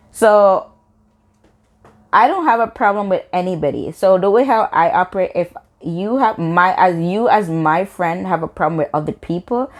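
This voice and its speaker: A young woman telling a storytime vlog, animated and emphatic, slipping into patois. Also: fairly low pitch. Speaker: vlogger.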